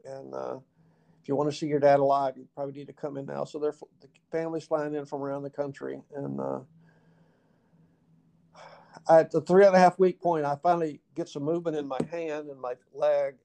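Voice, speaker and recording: A man's voice: medium pitch, fast, gravelly. A middle-aged man with a Southern accent, telling a personal story as an interview guest in a folksy way and acting out the dialogue. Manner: folksy, animated, acts out quoted dialogue.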